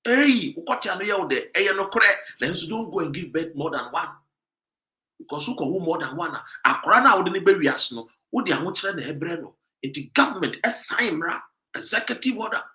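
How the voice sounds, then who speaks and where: A man with a Ghanaian accent giving emphatic commentary, full of rhetorical questions, sometimes loud and sometimes dropping low. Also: animated, a little fast, reverberant. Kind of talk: animated commentary mixing Twi and English.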